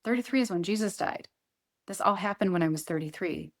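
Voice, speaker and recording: A woman's voice: mid-range voice, a little fast. A middle-aged woman speaking earnestly as an interview guest, often repeating herself and quoting her own thoughts. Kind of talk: emotional interview conversation.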